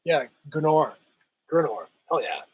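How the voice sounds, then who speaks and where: A man hosting a casual livestream, reading chat and answering viewers, his voice still rough as he recovers from a cold. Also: on the high side, sing-song, a little slow, poor audio. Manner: laid-back, chatty, laughs often, says "hell yeah".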